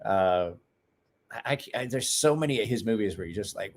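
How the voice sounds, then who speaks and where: A man's voice: lowish voice, lively intonation, normal speed, a little hiss or hum. A man hosting a casual livestream, rambling, joking and swearing as he answers his chat. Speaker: livestream host.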